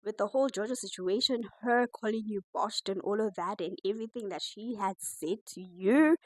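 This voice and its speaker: A woman chatting her way through a reality TV review, animated and laughing often. Her voice sits at a middling pitch and is recorded close and dry, with no room sound. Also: normal speed, no echo, poor audio. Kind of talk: casual reaction commentary.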